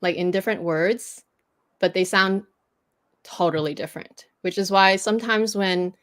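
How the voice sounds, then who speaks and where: A woman's voice: medium pitch, moderate pace. A native French-speaking woman hosting a casual livestream, patiently explaining French pronunciation with frequent fillers and restarts. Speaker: host teaching French pronunciation.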